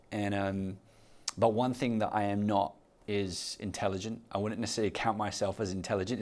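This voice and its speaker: A middle-aged man from Southeast London with a softened London accent, chatting casually and self-deprecatingly as a podcast guest. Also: lowish voice. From Southeast London, England. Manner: self-deprecating, animated storyteller.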